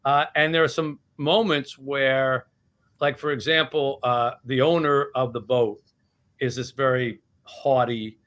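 A man's voice: mid-range voice, steady tone, a little slow, fairly bright tone. A man in his sixties, an author talking casually about his book in an interview. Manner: chatty, retelling scenes with voices. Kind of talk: animated storytelling in conversation.

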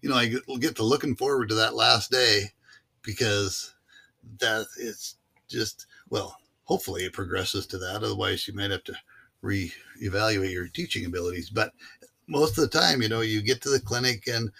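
A man with a lowish, pushed and bright voice and some vocal fry speaks at a moderate pace. He teaches mule-riding clinics and, as an interview guest, tells stories in a casual drawl full of fillers.

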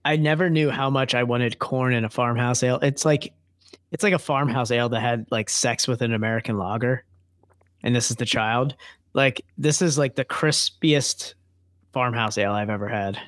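A man at ordinary pitch co-hosts a casual podcast, joking and rambling as he laughs his way through the talk. He is recorded close and dry, with no room sound behind him. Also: moderate pace, fairly bright tone, no echo. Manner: jokey, rambling, laughs often. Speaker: podcast co-host. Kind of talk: casual chat over beer.

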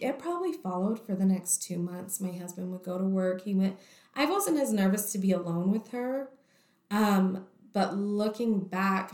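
Candid woman with a gravelly voice. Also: mid-range voice, darkish tone. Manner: candid, heavy use of "like" fillers. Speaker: guest sharing her story. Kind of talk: personal storytelling in conversation. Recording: echoey room.

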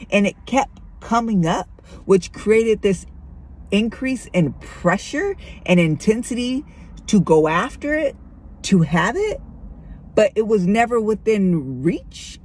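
A woman's voice: mid-range voice, a little mellow, breathy edge. A middle-aged woman speaking candidly and conversationally to her listeners, sharing a personal faith testimony. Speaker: Christian vlogger.

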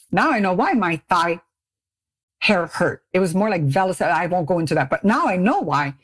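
A woman's voice: normal speed, no room sound. A middle-aged woman from Canada, a beauty brand founder, telling a story as a podcast guest and jumping into quoted voices. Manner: lively, acts out quoted voices with big pitch jumps. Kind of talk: animated storytelling in a podcast interview.

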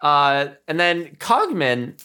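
A man's voice: on the high side, very animated, slow, sharp tone, clear, resonant tone. A man hosting a casual movie discussion, reading through his notes with frequent chuckles. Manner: reads from notes, chuckles often.

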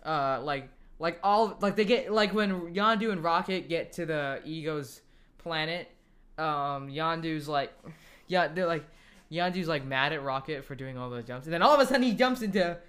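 A man whose voice sits fairly high and bright talks at normal speed as co-host of a laid-back podcast. He criticizes a film, laughing frequently and getting tangled in his words.

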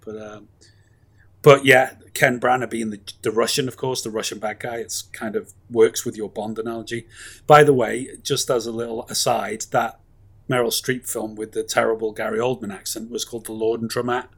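A man's voice: mid-range voice, flat delivery, moderate pace, fairly bright tone, slightly rough. A man, chatting casually about films in a rambling, enthusiastic way with plenty of fillers. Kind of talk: casual film chat.

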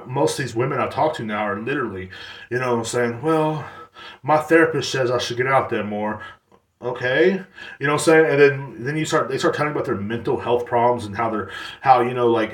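A podcast host with a medium-pitched, slightly bright voice rants casually, rambling, swearing, and restarting often. The recording sounds roomy, with him sitting far from the mic.

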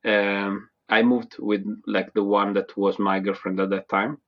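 A man's voice: on the low side, flat delivery, measured pace. A man in his thirties from near Naples with an Italian accent, chatting casually as an interview guest, hesitant with many fillers and restarts. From Italy, small town near Naples. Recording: dull lo-fi sound.

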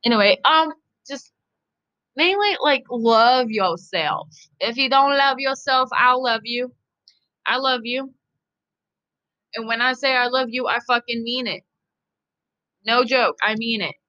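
A woman's voice: fairly high pitch, measured pace, long pauses, pushed and bright, clean tone, highs cut off. A woman hosting a podcast, talking in a casual, profane, emphatic and rambling monologue. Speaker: podcast host.

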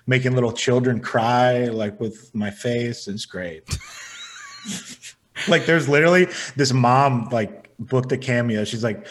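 A man's voice: medium pitch, steady tone, moderate pace. A young man from the American South, a music producer guesting on a podcast, goofy and self-deprecating. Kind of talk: casual podcast chat.

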